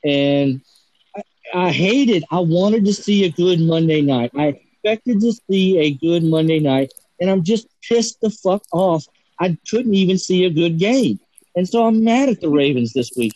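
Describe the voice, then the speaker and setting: A man's voice: high-pitched, expressive, measured pace, mellow, dry recording, rough recording. A man on a sports talk panel, ranting heatedly and swearing often. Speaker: podcast panelist.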